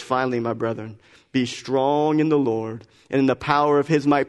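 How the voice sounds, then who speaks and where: Emphatic pastor preaching in an echoing hall. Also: male voice, on the high side, a bit bright. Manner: emphatic, repeats phrases, stammers on restarts. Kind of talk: sermon. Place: church sanctuary.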